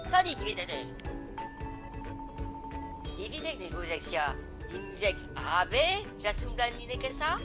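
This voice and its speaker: A woman's voice: medium pitch, very animated, measured pace, long pauses, over music. A woman voicing a cartoon game character who babbles nonsense syllables in a bouncy sing-song. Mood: chattering.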